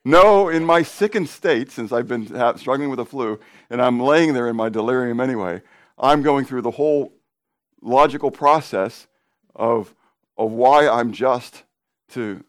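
A middle-aged man preaching a sermon, animated and emphatic, swinging between quiet asides and near-shouts, with repetitions and call-and-response questions to the congregation. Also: medium pitch. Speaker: pastor.

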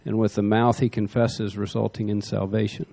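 Low gravelly guy in the congregation, dark voice, reads the verse then answers questions. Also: little pitch movement, normal speed. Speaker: congregation member.

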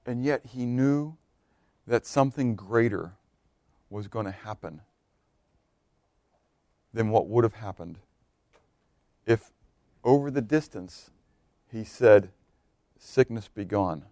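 A man preaching a sermon, swinging from loud emphatic bursts to hushed quiet lines. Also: mid-range voice, takes it slowly, long pauses, no room sound.

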